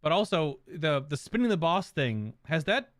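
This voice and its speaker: A man's voice: a little high, very animated, moderate pace, a bit bright, dry recording, clean studio sound. A man streamer giving casual, rambling reaction commentary in an amused way.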